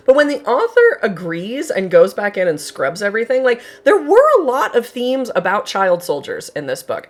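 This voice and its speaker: Casting note: young adult woman, book vlogger, casual frank chat, slightly low pitch. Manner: chatty, frank, frequent "like" fillers.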